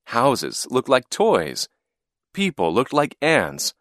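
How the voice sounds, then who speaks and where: A man reads a first-person story aloud in a clear, expressive way. His pitch moves with a lot of life. The sound is dry and close. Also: slow pace, no echo. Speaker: narrator. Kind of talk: scripted storybook narration.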